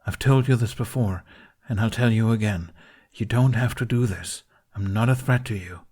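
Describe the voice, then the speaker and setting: A man's voice: on the low side, normal speed, a little mellow, slightly rough. A man voicing a defiant young man with frost powers, talking with forced confidence and a slight tremor, in a fan fiction audiobook reading. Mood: pleading.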